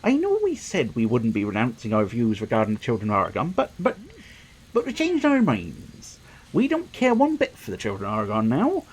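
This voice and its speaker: A man's voice: mid-range voice, huge pitch swings, moderate pace, darkish tone, breathy edge, low-quality recording. A man voicing an eager, earnest male farmer in a video game.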